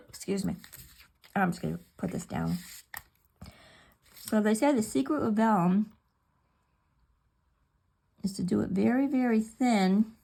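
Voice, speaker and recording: A woman's voice: medium pitch, expressive, slow, gravelly, pauses often, a little mellow. A middle-aged woman chatting casually and muttering to herself as she works on a paper craft at home. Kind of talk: casual talk while crafting.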